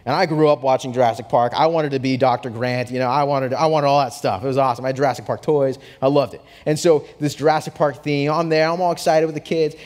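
Animated male preacher in a reverberant hall. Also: mid-range voice, fast talker, hardly any pauses. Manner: animated storytelling, swings from hushed to excited. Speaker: pastor. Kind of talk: sermon.

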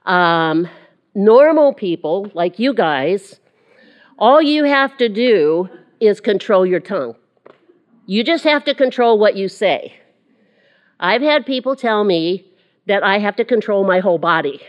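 A woman's voice: mid-range voice, lively intonation, measured pace, highs cut off. Chatty woman teaching a Bible class. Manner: chatty and self-deprecating, laughing often.

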